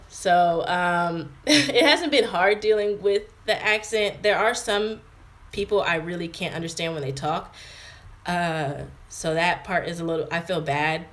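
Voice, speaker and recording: This lowish, slightly bright voice moves at a measured pace. The speaker, a twenty-something American vlogger, chats on a livestream from inside her home in England, reading comments aloud and responding with plenty of fillers.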